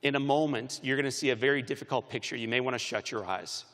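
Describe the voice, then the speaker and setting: A man giving a commencement speech, telling stories with animated shifts between loud and soft, recorded in a large arena. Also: mid-range voice, fast talker, big-room sound. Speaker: commencement speaker. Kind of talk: motivational speech.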